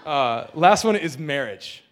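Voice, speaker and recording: A man in his thirties giving a candid personal talk to an audience, animated and full of restarts. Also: a little high, takes it slowly.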